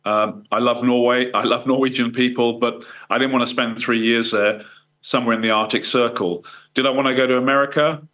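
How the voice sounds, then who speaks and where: A middle-aged man with a croaky voice from a cold, answering interview questions in a hesitant way with fillers and restarts. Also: mid-range voice, fairly even intonation, fairly quick, a bit bright. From United Kingdom. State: hoarse from a cold. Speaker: guest, former fighter pilot.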